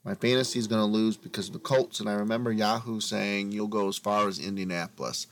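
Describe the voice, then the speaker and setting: A man with a lowish voice rants through casual sports talk, addressing his listeners as folks. He swings between grumbling and big theatrical declarations, co-hosting a podcast. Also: fairly even intonation, quick pace, noisy background. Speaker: podcast co-host.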